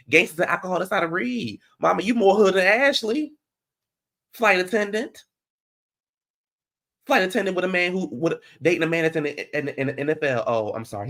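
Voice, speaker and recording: Sassy man dishing on reality TV. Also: mid-range voice. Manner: sassy, animated, big swings between loud and muttered asides. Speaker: reality TV recap commentator. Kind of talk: casual recap commentary.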